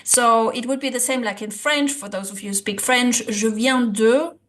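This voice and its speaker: At a moderate pace, a woman with a slightly high, somewhat bright voice leads a casual language lesson on video. She chats to the camera, reasons aloud and laughs lightly.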